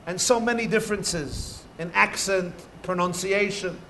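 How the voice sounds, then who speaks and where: Rabbi guy telling stories to kids, pretty high voice, drags out words for emphasis, a bit of background noise. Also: normal speed, hardly any pauses, fairly bright tone. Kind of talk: storytelling talk to children.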